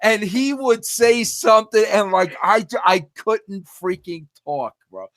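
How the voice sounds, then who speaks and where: Excitable middle-aged man, higher voice. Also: slow. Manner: excitable, storytelling, says "bro" often. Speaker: guest. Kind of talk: casual podcast chat.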